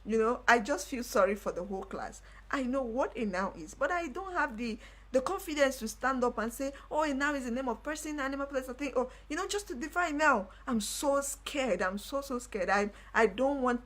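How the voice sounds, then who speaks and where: A young woman hosting a live stream, telling a personal story in casual talk with animated delivery and repeated phrases. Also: a little high, brisk. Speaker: livestream host.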